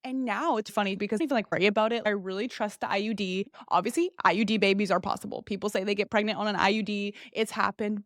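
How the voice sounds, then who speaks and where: A woman's voice: mid-range voice, dry recording, studio quality. A young woman hosting a podcast, talking in a candid, chatty monologue full of "like". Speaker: podcast host.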